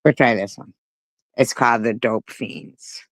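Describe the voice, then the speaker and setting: A woman from the United States hosting a casual commentary stream, unhurried and opinionated, with many "um"s and "you know"s. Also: very deep voice, fairly even intonation, no room sound, low-quality recording.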